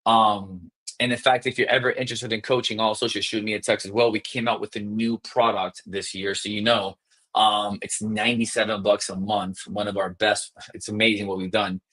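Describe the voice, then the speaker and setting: A man coaching real estate agents on sales calls in a live session, talking fast and emphatically and acting out call scripts. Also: fairly low pitch, level tone, fairly bright tone. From South Florida.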